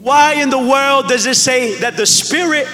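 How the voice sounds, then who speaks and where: A high-pitched male pastor delivers a sermon in a church, his voice carrying a long hall reverb over soft background music. He tells the story in an easy, conversational way, acting out quotes, then climbs into loud, shouted emphasis. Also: normal speed. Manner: preaching with rising shouts and acted-out quotes. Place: church sanctuary.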